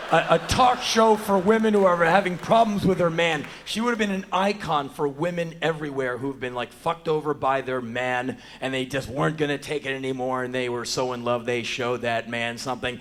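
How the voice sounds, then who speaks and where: An American man in his forties holding forth on a theater stage, telling stories with blunt, profane emphasis. His voice sits fairly high for a man, and he mocks and builds scenes with punchy delivery. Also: moderate pace, fairly bright tone, slight background noise. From United States. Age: 40s. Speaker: spoken word performer. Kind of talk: live stand-up storytelling. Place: theater stage before an audience.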